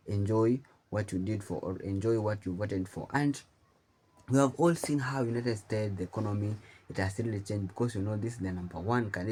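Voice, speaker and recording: Low, dark-voiced man reacting on YouTube. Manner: repetitive, emphatic, restarts often. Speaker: YouTube reaction channel host. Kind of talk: reaction commentary.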